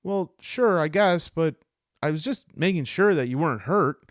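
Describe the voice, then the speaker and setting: A man's voice: fairly high pitch, lively intonation, moderate pace, dry recording, studio quality, voice pushed up, lightly acted. Man doing a stammering, nervous young hunter. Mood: flustered. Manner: stammering, rambling, apologetic.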